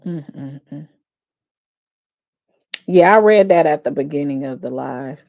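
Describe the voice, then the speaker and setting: A woman's voice: low voice, takes it slowly, creaky, lo-fi sound. A woman who hosts a live stream and works as a defense attorney. She comments on a court case and speaks with open emotion, often sighing between thoughts. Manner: emotional, expressive, frequent sighs.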